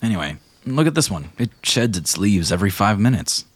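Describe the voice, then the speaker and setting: A man narrating a tabletop game as game master, animated and playful. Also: lowish voice, husky, dry recording. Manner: animated, laughing narration with quick character voices.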